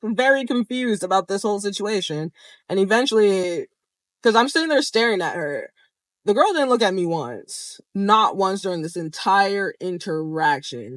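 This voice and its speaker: Animated vlogger telling a story, dry sound. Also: mid-range voice, moderate pace, no room sound. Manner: animated and expressive, with frequent swearing. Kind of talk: casual storytelling to camera. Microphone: camera framed close to the speaker.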